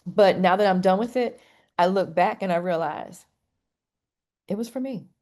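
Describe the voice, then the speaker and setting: A woman's voice: mid-range voice, moderate pace, darkish tone. A middle-aged woman, a counselor, speaking as a podcast guest in an earnest, heartfelt way. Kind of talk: conversational interview.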